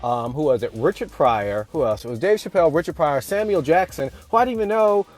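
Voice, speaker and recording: A man vlogging, telling a story casually in a slangy, animated way. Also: fairly high pitch, a little fast, faint music behind. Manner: animated, slangy, acts out quotes.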